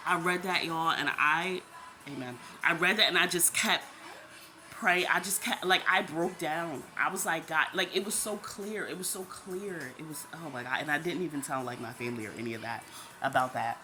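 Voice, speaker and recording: A vlogger shares her faith testimony, emotional and tearful at times, repeating herself and speaking straight to viewers, calling them "y'all." Her low voice moves at normal speed, with background noise and music beneath it.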